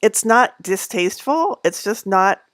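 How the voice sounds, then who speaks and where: Livestreaming from home, a middle-aged knitting channel host rambles along casually, full of fillers and small laughs, and switches to a high cooing voice for her cats. She sounds expressive and a little slow, in a dry recording with clean studio sound.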